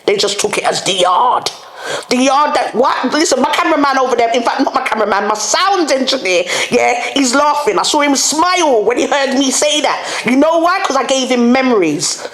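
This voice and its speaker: A young woman hosting a solo podcast, animated and direct, laughing often and using plenty of slang. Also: high voice, moderate pace, reverberant. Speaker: podcast host. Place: studio room.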